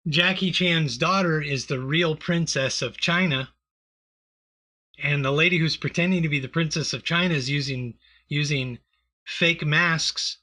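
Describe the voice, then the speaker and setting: A man co-hosting a comedy podcast in loose, profane chat. His voice sits a little high and rings bright. He wanders through his points with plenty of fillers. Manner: rambling, profane, full of fillers. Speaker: podcast co-host.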